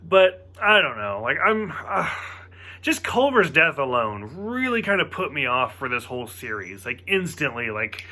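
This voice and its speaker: A man's voice: mid-range voice, very animated, moderate pace, bright, forceful tone. A man giving a casual spoken review of a TV episode, rambling with lots of "like" fillers and sounding exasperated.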